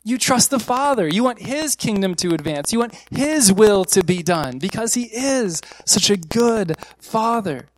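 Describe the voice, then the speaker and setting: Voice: medium pitch, lively intonation, unhurried, few pauses, poor audio. A preacher giving an earnest sermon, repeating key phrases for emphasis and asking one rhetorical question after another.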